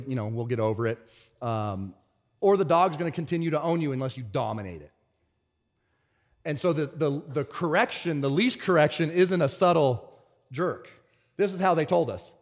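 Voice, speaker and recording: A pastor delivering a conversational sermon, telling stories in an animated, stop-and-start way. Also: male voice, mid-range voice. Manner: conversational storytelling, animated, many restarts.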